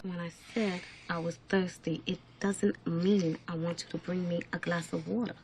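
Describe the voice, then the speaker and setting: A man's voice: high voice, little pitch movement, moderate pace, slight background noise, voice pushed up. A man voicing an exasperated young woman who insists on sympathy and lectures her boyfriend.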